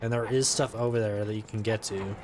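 A man giving casual let's play commentary, excitable, talking to the game and saying "dude" a lot. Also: fairly low pitch, fairly quick. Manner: excitable, talks to the game and its characters.

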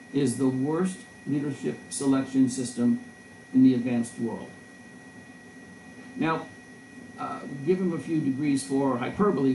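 A man lectures as a professor, telling stories and circling back to restart his sentences. His voice is mellow and dark. It sounds roomy and set back from the mic, with a faint hiss underneath. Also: medium pitch, far from the mic. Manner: discursive, storytelling, frequent restarts. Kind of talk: conversational lecture. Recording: roomy echo, voice a bit off-mic.

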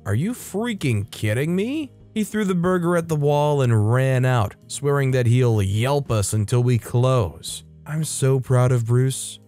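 A man narrates a workplace story in a playful, sarcastic storytelling manner. His voice is warm and mellow at an ordinary pitch. Faint music plays quietly behind him. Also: unhurried, hardly any pauses. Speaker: storytelling channel host.

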